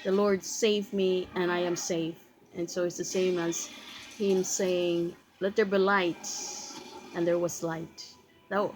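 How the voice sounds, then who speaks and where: A woman's voice: mid-range voice, little pitch movement, slow pace, soft background music, low-quality recording. A woman giving a casual spoken testimony about her faith, earnest and repeating phrases as she recites verses with emphasis. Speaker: vlogger sharing a faith testimony.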